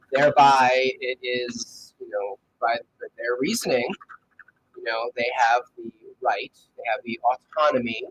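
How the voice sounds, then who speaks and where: A man's voice: medium pitch, a bit bright, a little hiss or hum, low-quality recording. Man, podcast co-host, casual livestream chat, joking, restarts his thoughts. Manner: joking, laughs often, trails off mid-thought.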